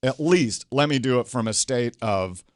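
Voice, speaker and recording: A middle-aged man hosting a talk, coaching through conflict with animated stories and acted quotes. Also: mid-range voice, moderate pace, no room sound, clean studio sound. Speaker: host and coach. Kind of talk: casual talk show conversation.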